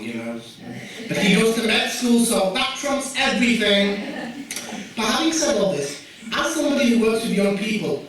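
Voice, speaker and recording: Young Yorkshire man with a fairly high voice, animated storyteller at a community evening, heard from a distance in an echoey hall. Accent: Yorkshire English. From Yorkshire, England. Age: young adult. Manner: jokey, animated, asides to the audience. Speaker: youth worker giving a talk. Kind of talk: storytelling talk at a community event. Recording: echoey room from far off with faint noise.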